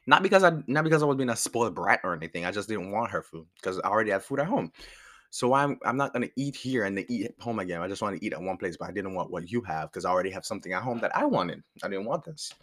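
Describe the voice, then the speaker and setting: A man's voice: lowish voice, fast. Young man telling a rambling story. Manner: animated, rambling, swears freely, laughs mid-story. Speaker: storyteller vlogger. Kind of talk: casual storytime monologue.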